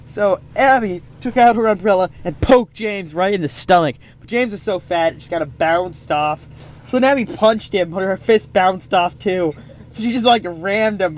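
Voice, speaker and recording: A man improvising a comic story, rambling with playful asides. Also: high-pitched.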